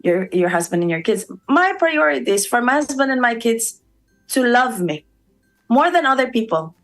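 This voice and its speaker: A woman's voice: on the high side, very animated, normal speed, fairly bright tone, soft background music. A middle-aged woman from the Philippines with a Filipino accent, a radio show guest telling stories and acting out quoted voices, slipping into Tagalog. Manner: storytelling, acts out quoted voices, mixes in Tagalog. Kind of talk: conversational radio interview.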